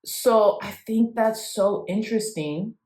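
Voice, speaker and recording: A woman's voice: medium pitch, slow, darkish tone. A woman giving a chatty, effusive tarot reading straight to her viewers. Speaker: tarot reader.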